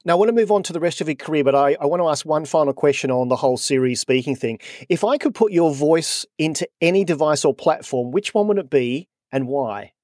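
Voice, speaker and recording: A man hosting an interview, asking measured, steady questions. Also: on the high side, dry recording, studio quality. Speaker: host.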